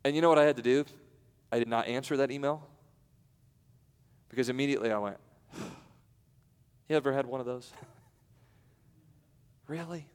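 A male preacher delivering a sermon that drifts between chatty, half-finished asides and sudden high, forceful bursts of emphasis. His voice sits at an ordinary middle pitch. It rings with a long hall reverb. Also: a little fast, long pauses, smooth. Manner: swings from loud emphatic peaks to quiet asides; conversational, with self-interruptions and light laughs. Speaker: pastor.

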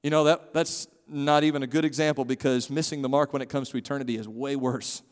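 A man preaching a sermon as pastor, earnest and conversational, swinging from loud to soft. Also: medium pitch, fairly even intonation, fast, smooth. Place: church sanctuary. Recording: long reverb of a church hall.

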